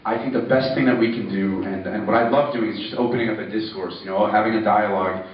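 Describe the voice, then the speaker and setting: A man's voice: lowish voice, fairly even intonation, fast, slight background noise. A man in his thirties telling self-deprecating stories in a rambling casual speech to students. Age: 30s. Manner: rambling, self-deprecating, many fillers and restarts. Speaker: actor speaking at a campus election event. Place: university ballroom. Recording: echoey ballroom from far off, dull.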